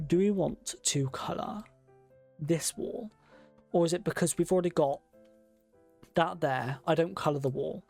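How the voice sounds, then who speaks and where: A game streamer talking casually to the audience while placing furniture, thinking each choice through aloud. The voice has a noticeable gravelly fry to it, and soft game music plays underneath. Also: mid-range voice, a little slow, pauses often. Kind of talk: casual gameplay commentary.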